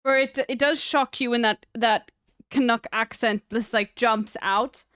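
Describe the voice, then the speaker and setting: Young South African woman, South African accent, profane rambling chat, high voice, dry sound. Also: fairly even intonation, measured pace, a bit bright, clean tone, dry recording. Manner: profane, rambling, laughing asides. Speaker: streamer. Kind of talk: casual stream chat.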